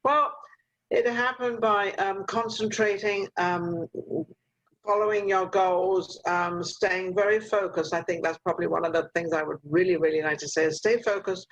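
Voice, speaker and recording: A woman's voice: mid-range voice, fairly even intonation, moderate pace. Chatty older woman giving advice on a call. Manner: chatty, motherly advice with fillers. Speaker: talk show host. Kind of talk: casual interview over video call. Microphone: video call. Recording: muffled video call audio.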